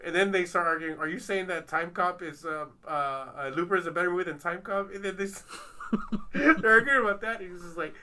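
Male podcast host, very bright tone, rambling storyteller, casual chat. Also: high voice, brisk. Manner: rambling, animated storytelling with many fillers.

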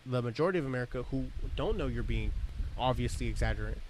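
A man's voice: medium pitch, very fast, darkish tone, slight background noise. A man hosting a casual podcast, rambling and swearing, often laughing as he talks. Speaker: podcast host.

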